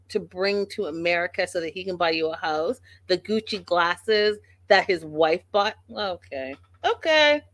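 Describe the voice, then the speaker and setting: Animated woman recapping reality TV. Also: mid-range voice, dry recording. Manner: animated, acts out quotes of the cast. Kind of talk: casual recap commentary.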